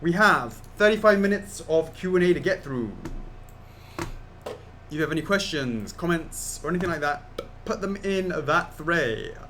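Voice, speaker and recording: A man's voice: fairly high pitch, animated, moderate pace, bright, forceful tone, a little hiss or hum. An English man co-hosting a casual livestream Q&A, reading out viewer questions in a chatty, jokey way. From England. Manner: chatty, jokey, laughs often. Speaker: co-host of a company Q&A stream.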